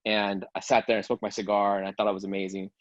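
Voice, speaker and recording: A man's voice: on the low side, level tone, quick pace, dry recording, muffled recording. A man casually telling a long travel story on a video call, rambling with many fillers and restarts. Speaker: game participant sharing a travel story.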